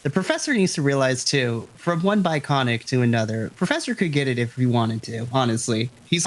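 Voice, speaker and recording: A man's voice: mid-range voice, animated, a little fast, few pauses. A man co-hosting a podcast, joking in casual chat with frequent laughs and blunt remarks. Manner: playful, laughs often, blunt. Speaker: podcast co-host. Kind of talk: casual chat reacting to wrestling.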